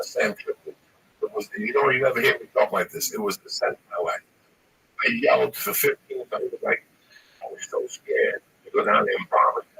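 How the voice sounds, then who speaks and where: A man's voice: mid-range voice, gravelly, bright, forceful tone. A male comedian telling a rambling, profane story full of swearing, recorded on a distant mic with faint background noise. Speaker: stand-up comedian.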